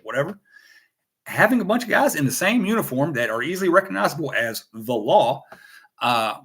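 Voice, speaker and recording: A man's voice: mid-range voice, a bit bright. An American man hosting a casual livestream chat, rambling and joking as he greets viewers by name. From United States. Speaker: host.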